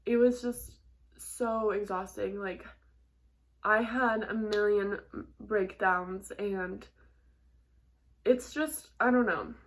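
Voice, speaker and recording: A young woman vlogger telling a stressful travel story in a chatty, animated way, full of "like" and quick laughs. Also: medium pitch. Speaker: model and vlogger. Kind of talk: casual storytelling to camera.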